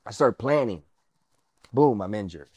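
A man, an army veteran, telling his personal story as a guest in an interview, earnest and animated, sometimes dropping to a near-whisper. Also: fairly low pitch, a little slow, husky, no echo, studio quality.

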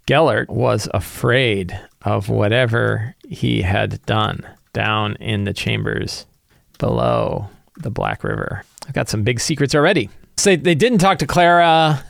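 A man's voice: a little high, dry recording, studio quality. A man game master talking through his prep on his own, rambling and thinking aloud with lots of fillers. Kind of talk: solo game-prep talk.

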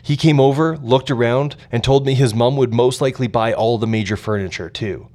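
An earnest young man narrates his memoir with reflective sincerity. His voice sits at a middle pitch, plain and unhurried. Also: darkish tone.

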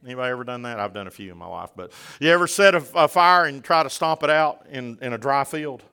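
A man's voice: mid-range voice, lively intonation, fast, pushed and bright, clean tone. A male pastor, preaching a sermon and calling out to his congregation, building in force as he goes. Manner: calls out to the congregation.

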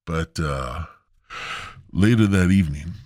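A man's voice: deep voice, animated, slow pace, a little mellow, no room sound, studio quality. A man hosting a podcast, telling rambling, crude, self-mocking stories into a podcast mic. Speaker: podcast host. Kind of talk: crude comic storytelling.

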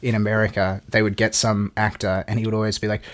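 A man's voice: on the low side, level tone, quick pace, few pauses. A man co-hosting a podcast in casual chat, sweary and laughing, often trailing off into mutters. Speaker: podcast co-host.

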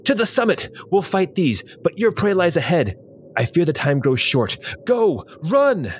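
A man's voice: sits high, sing-song, a little slow, slight background noise, voice pushed up. A man voicing a tall, fierce female mage warrior in a tabletop game, calling out urgent commands.

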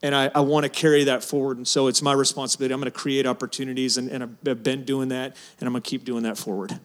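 A man giving an excited, rambling testimony to a church congregation. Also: medium pitch, fast talker. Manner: excited, rambling storytelling with restarts. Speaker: church mission team member. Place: church sanctuary.

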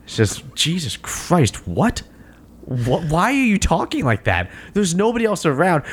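A man in a casual film chat, rambling in an animated and exasperated way. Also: fairly high pitch, normal speed, slightly rough.

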